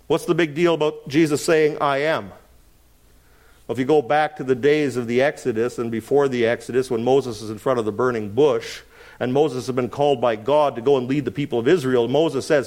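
A middle-aged man preaching an expository sermon, swinging between loud emphasis and quiet asides. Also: fairly high pitch, lively intonation, normal speed. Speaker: pastor.

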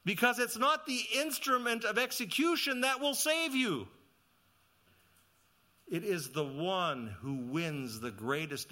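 Bright-voiced male preacher with wide swings. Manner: preaching with swings between loud emphatic peaks and quiet low passages; asks the listeners questions and reads scripture aloud. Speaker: pastor. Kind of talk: sermon.

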